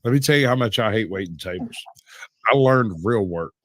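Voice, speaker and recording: A man's voice: lowish voice, expressive, fairly quick, fairly bright tone, dry recording. A man on an online call throwing in crude, teasing quips. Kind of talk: casual group chat on a live stream.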